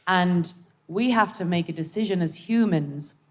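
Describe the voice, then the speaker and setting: A lower-voiced woman telling stories on a theatre stage, chatty and animated with a jokey edge. She talks to a live audience as a comedian guest. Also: normal speed. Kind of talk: lively onstage storytelling.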